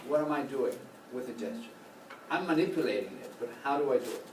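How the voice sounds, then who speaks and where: A man teaching choral conducting in a classroom, coaching students with a steady run of questions. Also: mid-range voice, fast talker. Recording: roomy, distant, noisy classroom recording.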